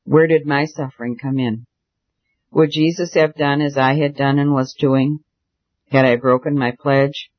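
A man's voice: medium pitch, fairly even intonation, unhurried, no room sound, close to an everyday voice. A man voicing a wealthy male landlord who is anxious and guilt-stricken, read in an audiobook. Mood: anguished. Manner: anxious confessional pleading. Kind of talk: audiobook character reading. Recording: dull dry recording.

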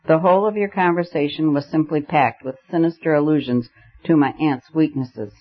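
A man reading an audiobook, voicing a reckless, tipsy young gentleman who picks a quarrel in mock earnest. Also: normal speed, close to an everyday voice. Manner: mock-earnest, then low and urgent. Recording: dull lo-fi recording.

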